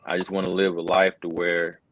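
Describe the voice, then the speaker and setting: A middle-aged man speaks in a very low, deep voice, recounting a personal story with earnest conviction. His talk is loose and conversational, scattered with "bro" and "man." The sound is dry and close, like a podcast microphone. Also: completely flat delivery, a little fast, a bit bright, no room sound, rough recording. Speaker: wrestling commentator. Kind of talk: casual interview conversation.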